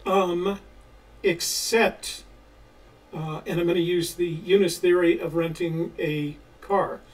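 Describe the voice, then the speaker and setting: A man co-hosting a casual live chat, answering viewer questions in a measured, explanatory way with frequent pauses. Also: high-pitched, steady tone. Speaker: co-host of a treasure-hunt channel. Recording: voice a little distant from the mic.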